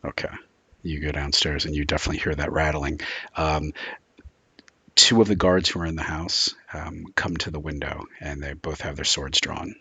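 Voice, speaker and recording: A man's voice: very deep voice, fairly even intonation, moderate pace, creaky, bright, forceful tone, husky, no room sound. A man running a tabletop horror game as game master, describing scenes in a loose, rambling way full of filler words.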